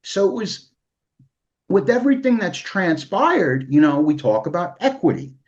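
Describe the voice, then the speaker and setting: Animated New man, lively pitch. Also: normal speed, highs cut off. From New York. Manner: emotional, swears freely, animated storytelling. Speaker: podcast host. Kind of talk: casual interview chat.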